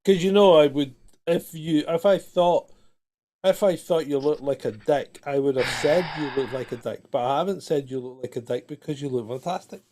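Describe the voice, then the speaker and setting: A man's voice: fairly high pitch, normal speed, dark tone, slight background noise. A man co-hosting a podcast, blunt, sweary and teasing, laughing often. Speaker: podcast co-host. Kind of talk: casual chat.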